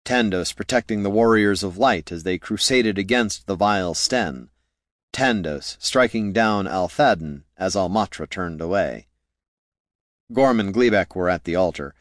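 Man narrating a fantasy audiobook, lowish voice, dry wry read, dead dry room. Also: measured pace, dry recording.

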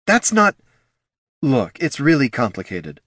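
A man's voice: medium pitch, wildly swooping pitch, a little slow, fairly bright tone, no room sound, studio quality, voice pushed up, heavily acted. A man voicing a stubborn, hot-tempered female fire mage who answers curtly. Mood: flustered. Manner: curt, growling, defensive.

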